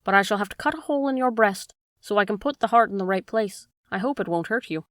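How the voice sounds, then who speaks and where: A woman's voice: medium pitch, animated, quick pace, a bit bright, no room sound, studio quality, close to an everyday voice. A woman reading the lines of a little humbug wizard, kindly and a little meek. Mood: mild.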